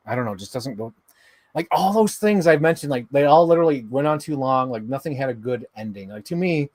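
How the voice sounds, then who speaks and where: A man talking casually as a podcast co-host, rambling from one thought to the next and filling his sentences with "like". His voice sits in an ordinary middle pitch, and the recording is dry and close, with no room around it. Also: lively intonation, fairly quick, a little mellow, no room sound. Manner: rambling, enthusiastic, many "like" fillers. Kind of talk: casual chat.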